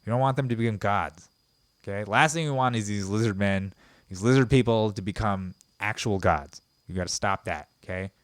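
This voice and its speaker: In a fairly low voice at normal speed, a sarcastic podcast host rambles through a comedic monologue, recorded with clean studio quality and no echo. He riffs and laughs often, swinging between loud outbursts and mumbled asides.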